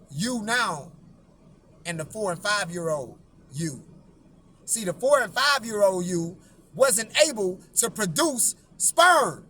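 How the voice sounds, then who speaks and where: A man's voice: high-pitched, pushed and bright, a little hiss or hum. A man hosting his own channel, telling a long story in a blunt, profane way and often repeating himself. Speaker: YouTube host.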